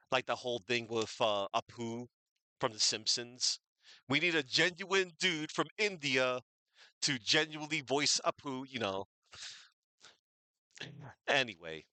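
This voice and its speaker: Pushed and bright, his medium-pitched voice comes across smooth with no room sound. In a chatty, rambling way full of fillers, he thanks viewers while wrapping up his stream.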